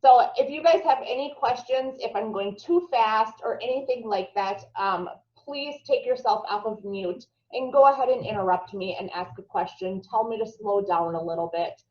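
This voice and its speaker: A woman's voice: mid-range voice, darkish tone, echoey room, dull audio. Chatty Minnesota-accented woman on a call. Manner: chatty, filler-heavy, fast-talking. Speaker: marketing trainer. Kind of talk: live video-call presentation. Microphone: video call.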